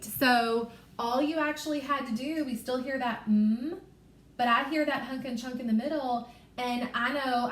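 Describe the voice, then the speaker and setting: A woman reading teacher leading a small-group phonics lesson, sounding out letters slowly and carefully, encouraging and apologetic. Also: fairly high pitch, fairly bright tone, echoey room.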